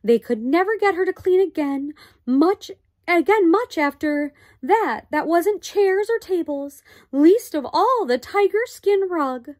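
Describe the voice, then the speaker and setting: A woman's voice: extremely high pitch, animated, a little slow, pitched above the performer's own voice. A woman voicing an anxious, strict tiny borrower mother who talks sharply and fussily in a storybook reading. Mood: fussy. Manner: sharp, scolding, fussy.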